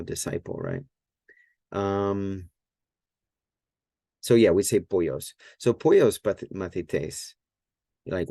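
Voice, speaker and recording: Deep-voiced man teaching at a whiteboard. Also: warm tone, no room sound, clean studio sound. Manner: thinks aloud, many fillers and self-corrections. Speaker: Greek teacher. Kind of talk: casual whiteboard lesson.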